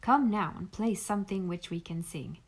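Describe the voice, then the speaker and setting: A woman voicing a hearty, kindly schoolmaster in a lowered voice. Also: moderate pace, lightly acted.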